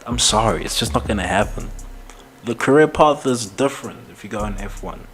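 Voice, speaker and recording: A man's voice: lowish voice, expressive, brisk, a bit bright, faint music behind. A man hosting a casual commentary show, rambling and heated, swearing often and laughing between points. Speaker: podcast host.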